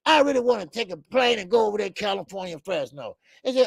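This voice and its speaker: Male boxing talk host with a gravelly, high-set voice and an emphatic, repetitive, salty delivery. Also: expressive, fast talker, no echo, studio quality. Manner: profane, emphatic, repeats phrases, laughs often. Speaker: call-in boxing show host. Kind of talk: animated casual commentary.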